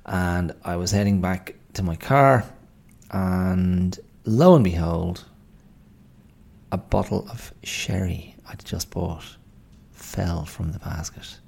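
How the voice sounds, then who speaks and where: Gravelly low-voiced Irish man. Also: takes it slowly, darkish tone. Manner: wry, storytelling, exasperated asides. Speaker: podcast host. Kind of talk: casual solo monologue. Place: indoors at home, late night.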